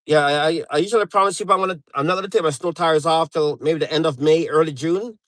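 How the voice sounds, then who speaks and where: A man's voice: fairly high pitch, fast, a bit bright, no echo, poor audio. A middle-aged man from Canada chatting casually on a live stream, rambling with lots of fillers and restarts.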